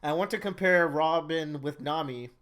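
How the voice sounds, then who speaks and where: A man's voice: on the high side, moderate pace, a bit bright. A man co-hosting a casual podcast, laying out a thoughtful comparison of story themes. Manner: thoughtful, analytical. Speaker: podcast co-host. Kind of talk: casual chat about an anime.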